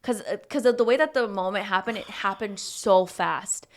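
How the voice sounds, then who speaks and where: A young woman co-hosting a podcast, casually retelling a horror movie plot with lively acted-out lines and casual swearing. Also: medium pitch, normal speed. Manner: animated storytelling, acting out lines, swears casually. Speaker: podcast co-host.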